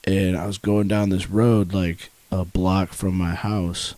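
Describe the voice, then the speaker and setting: A man's voice: sits low, level tone, slow, mellow, no room sound. Laid-back young man telling a story. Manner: laid-back, swears freely, laughs often. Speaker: podcast co-host. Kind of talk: casual storytelling.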